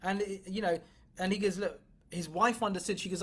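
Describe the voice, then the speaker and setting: This woman has a lowish, husky voice and speaks briskly and animatedly. As a business coach on a motivational livestream, she talks straight to her audience, blunt and emphatic, cursing freely.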